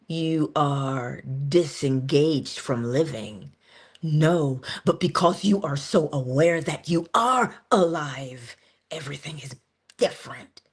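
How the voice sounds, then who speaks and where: A woman's voice: low-pitched, breathy edge. A woman giving an earnest but casual inspirational monologue as a motivational speaker, talking conversationally with sudden emphasis.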